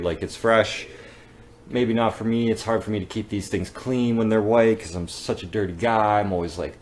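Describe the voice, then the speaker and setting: A man's voice: lowish voice, poor audio. A man hosting a casual vlog, rambling loosely and tagging his lines with "eh?" and "right?". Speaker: vlog host. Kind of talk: casual on-camera chat.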